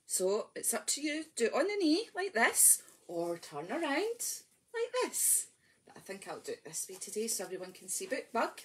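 A woman's voice: on the high side, huge pitch swings, normal speed, breathy edge. A Scottish woman leading a library rhyme time for babies and toddlers. She talks in a sing-song, exclamatory way, coaxing the parents and little ones, and reads a storybook aloud. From Scotland. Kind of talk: baby and toddler rhyme session with a storybook reading.

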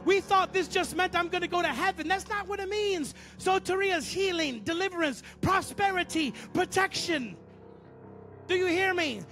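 High-voiced preaching pastor, faint music behind. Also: male voice, normal speed. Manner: preaches with sudden swings from loud bursts to low murmurs; repeats phrases for emphasis. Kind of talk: sermon.

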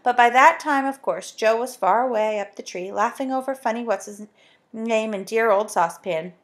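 A woman reading a children's storybook aloud, gentle and chatty, with little asides to the listener. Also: fairly high pitch, moderate pace. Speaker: narrator.

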